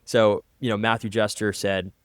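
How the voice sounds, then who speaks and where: A man's voice: on the low side, normal speed, clear, resonant tone, dry recording, clean studio sound. A man co-hosting a podcast in casual, hyped-up chat. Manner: hype, lively storytelling. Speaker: podcast co-host.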